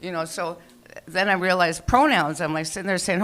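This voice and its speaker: A woman's voice: fairly low pitch, steady tone, a little fast, a bit bright. A middle-aged woman doing rambling open-mic stand-up on a small club stage, swearing and acting out the people in her stories. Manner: chatty, rambling, swears, acts out quoted people. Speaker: stand-up comedian.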